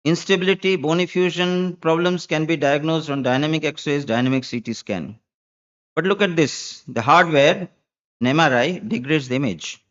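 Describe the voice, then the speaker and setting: A man's voice: on the high side, normal speed, a bit bright, lo-fi sound. A man giving a medical conference lecture as a spine surgeon, emphatic and listing points, repeating key words for stress.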